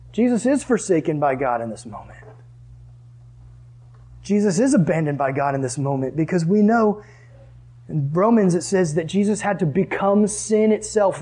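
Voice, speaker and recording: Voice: mid-range voice, a little mellow, husky. A Bible teacher leading a lesson for a group. They talk in a casual, conversational way and ask the listeners questions.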